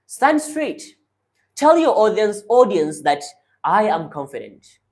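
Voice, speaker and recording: A man's voice: high voice, big pitch swings, takes it slowly. A man teaching public speaking as a coach, giving direct, instructive tips in short commands. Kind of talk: motivational speaking lesson.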